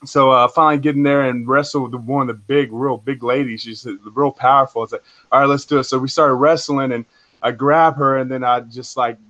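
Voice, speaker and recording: A man calling in to a spiritual show and recounting a dream in a rambling, halting way. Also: medium pitch, fairly bright tone, muffled recording. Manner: rambling, many fillers and restarts. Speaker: caller. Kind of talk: casual storytelling.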